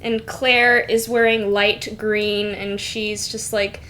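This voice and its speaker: A young woman narrating a tabletop game as game master in a relaxed, filler-heavy way. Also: medium pitch, slow pace, a little hiss or hum.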